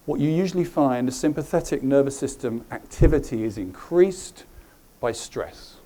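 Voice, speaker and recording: A middle-aged man giving a live presentation to an audience, animated and often checking in with questions. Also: mid-range voice, normal speed, a little hiss or hum. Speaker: presenter at a health talk.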